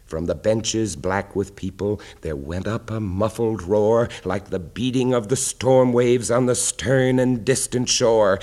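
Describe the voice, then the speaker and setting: Guy doing a dramatic poem reading, slow and deliberate, goes low and quiet on the big lines. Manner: measured, dropping low and quiet for weighty lines. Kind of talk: dramatic poetry recitation.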